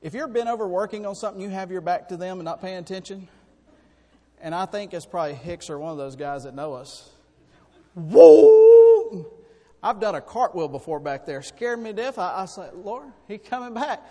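A man preaching a sermon, folksy and animated, telling personal stories. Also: high voice, a little fast. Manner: folksy, animated storytelling with sudden loud bursts. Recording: long hall reverb.

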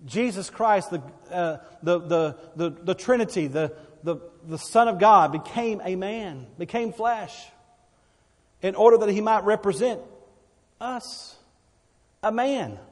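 A man's voice: sits high, unhurried. A pastor delivering an emphatic sermon in a church, often repeating words as he builds his point. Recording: reverberant hall.

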